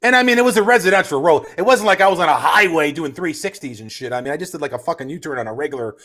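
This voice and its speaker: A man co-hosting a casual comedy podcast, telling a sweary, animated story. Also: a little high, rapid-fire. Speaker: co-host.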